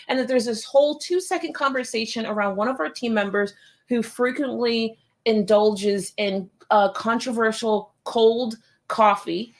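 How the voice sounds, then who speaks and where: A middle-aged woman giving a motivational business talk, telling stories animatedly and acting out other people's voices. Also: normal speed. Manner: animated storytelling, acts out other voices in high pitch. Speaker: business coach.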